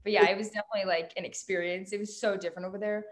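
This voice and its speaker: A young woman talking at a fast clip in a casual interview, bubbly and animated, peppering her speech with "like". She is a country music artist swapping stories with her duo partner. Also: mid-range voice. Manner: bubbly, says "like" a lot.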